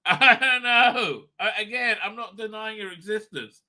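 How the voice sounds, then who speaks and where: A man's voice: high voice, unhurried, sharp tone. A man hosting a live stream, rambling crudely and laughing often between his own remarks.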